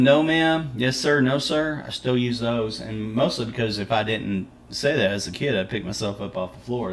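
A man from Texas with a Texan accent, chatting proudly and folksily as he reacts to a travel video. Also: medium pitch. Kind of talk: casual reaction commentary. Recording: roomy echo, faint noise.

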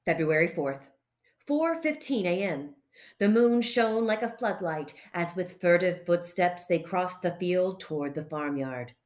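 A woman reading a children's picture book aloud, narrating in an expressive, playful way. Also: fairly low pitch, unhurried. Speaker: storyteller.

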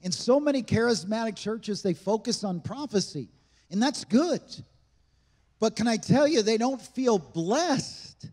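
High-voiced pastor preaching in a reverberant hall. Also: male voice, animated, a little slow, a little mellow. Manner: emphatic, conversational preaching with rhetorical questions. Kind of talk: sermon. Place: church sanctuary.

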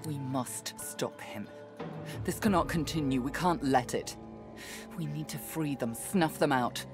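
A woman's voice: low voice, unhurried. An actress playing a stern sorceress who speaks in urgent, clipped commands, with game music behind her. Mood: grim. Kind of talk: video game voice acting.

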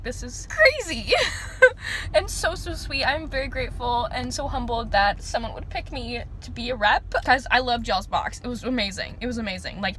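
A woman's voice: on the high side, sharp tone, slight background noise. A woman, chatting casually and gushing in a book vlog filmed on her phone. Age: 20s. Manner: gushing, lots of "like", laughs easily. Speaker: book vlogger.

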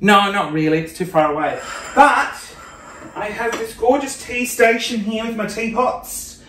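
A young man vlogging a casual shopping haul, playful and self-mocking, with sudden excited gasps. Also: sits high, a little slow. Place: room at home. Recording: roomy home recording.

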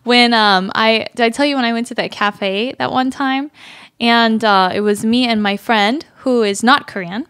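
Young woman chatting, kinda high voice, acts out quotes, dry close sound. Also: normal speed, a bit bright, smooth, no room sound. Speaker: podcast co-host. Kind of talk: casual chat, storytelling.

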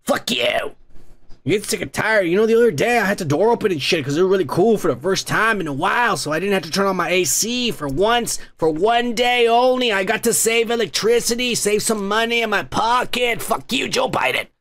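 Gravelly, irritable podcast host man. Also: high-pitched, animated, brisk, fairly bright tone. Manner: grumbling, irritable, cursing constantly. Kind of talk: profane ranting monologue.

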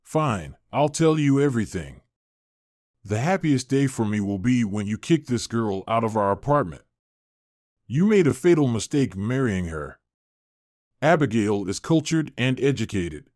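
Bossy shrill mother-in-law, read by a guy, accusing, bouncy pitch. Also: sing-song, a little slow, a little mellow, no room sound, studio quality. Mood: scornful. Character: scheming bossy mother-in-law, older woman.

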